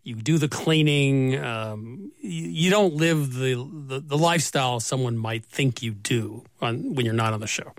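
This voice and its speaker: A man interviewing a guest about her book, asking questions in a conversational, halting way. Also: medium pitch, lively intonation, dry recording, studio quality. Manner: conversational, hesitant restarts.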